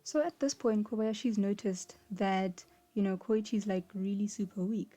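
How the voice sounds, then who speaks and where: Casting: young adult woman, warm low-key tone, chatty video essayist who acts out the scenes she describes. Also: moderate pace. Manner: animated, acts out quoted characters, frequent "like" and "right?". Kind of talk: casual commentary.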